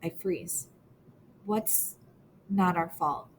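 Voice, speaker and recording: Reading a novel aloud in the first person, this audiobook narrator voices a teenage girl recounting her own story with earnest emotion. Her voice sits low and moves extremely slowly, with a faint hiss or hum behind it.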